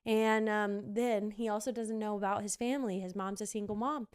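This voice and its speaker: A woman's voice: mid-range voice, fairly even intonation, moderate pace, darkish tone, smooth. A young woman hosting a podcast, chatting casually and gushingly about theater shows with lots of fillers. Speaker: podcast host. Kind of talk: casual theater review chat.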